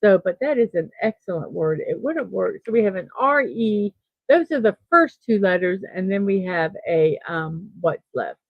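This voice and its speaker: A woman's voice: mid-range voice, expressive, normal speed, no room sound. A woman hosting a daily morning livestream, chatting casually and reading out viewer comments, upbeat and full of fillers. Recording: tinny phone-like sound, dry.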